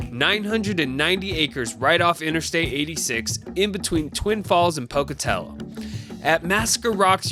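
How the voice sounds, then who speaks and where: A man reads a scripted travel voice-over in an even, informative way. His pitch sits a bit high, and guitar music plays clearly underneath. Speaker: narrator.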